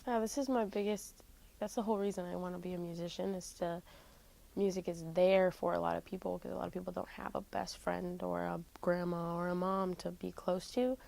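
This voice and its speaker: A woman's voice: lowish voice, little pitch movement, a little fast, gravelly, a little mellow, poor audio. A young woman musician telling a personal family story in an interview, candid and full of "like" fillers. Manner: heavy use of "like" fillers, candid.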